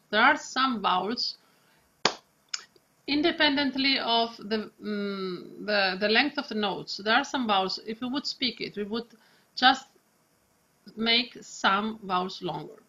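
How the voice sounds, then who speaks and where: During a singing lesson, a female vocal coach demonstrates phrases for her student slowly, stretching out long Italian vowels. Her mid-range voice sounds pushed and bright, though the recording is muffled.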